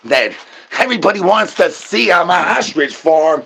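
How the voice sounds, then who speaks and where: A man talks straight to his stream chat in loose, absurd patter, looping the same slangy catchphrases over and over. His voice sits a little high for a man and has a husky edge. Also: very animated, moderate pace, fairly bright tone. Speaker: livestream host. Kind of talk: rambling livestream patter to chat.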